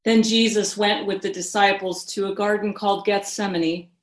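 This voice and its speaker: A woman reading scripture passages in a measured, solemn way, in a church. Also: medium pitch, steady tone, roomy sound. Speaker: scripture reader.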